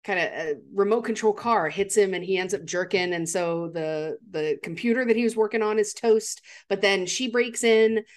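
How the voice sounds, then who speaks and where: A woman's voice: mid-range voice, moderate pace, hardly any pauses. Enthusiastic woman retelling a film. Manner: enthusiastic, animated storytelling with acted-out quotes. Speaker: podcast co-host. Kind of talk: casual movie recap chat.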